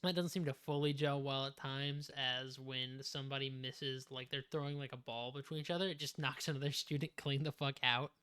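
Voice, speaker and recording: A man's voice: mid-range voice, steady tone, brisk, hardly any pauses, pushed and bright, smooth. A man acting as game master, narrating scenes in a loose, rambling way and swearing casually.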